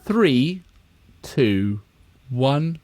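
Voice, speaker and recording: A man's voice: mid-range voice, sing-song, drawn-out words. Guy, bouncy up and down voice, reads out notes, laughs lots. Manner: laughing often, steering the talk back on track. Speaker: co-host of a music reaction channel. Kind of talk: casual chat and reading notes.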